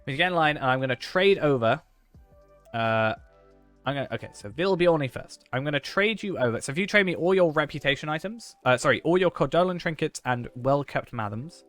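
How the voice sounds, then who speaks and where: A man's voice: on the high side, expressive, fairly quick, fairly bright tone. A man, streaming a game and chatting casually with viewers while he plays, cracking jokes. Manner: joking, chatty, talks to chat while playing. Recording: faint background music.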